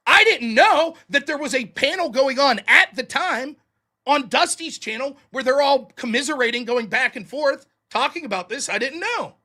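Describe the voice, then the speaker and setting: A man's voice: extremely high pitch, animated, normal speed, sharp tone. A man hosting a livestream, talking in a heated, sarcastic and profane way. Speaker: livestream host. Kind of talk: livestream commentary rant.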